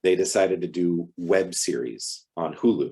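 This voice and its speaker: A deep-voiced man with a slightly husky tone chats on a video call. He tells anecdotes in a relaxed, lively way, often slipping into quoted dialogue. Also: unhurried. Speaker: actor guest. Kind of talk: casual interview storytelling.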